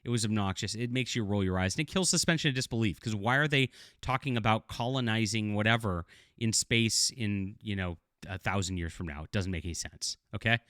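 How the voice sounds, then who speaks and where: A man's voice: on the low side, a little fast, a bit bright, no room sound, clean studio sound. A middle-aged man giving casual video commentary as a TV show reviewer, blunt and critical, rambling with fillers.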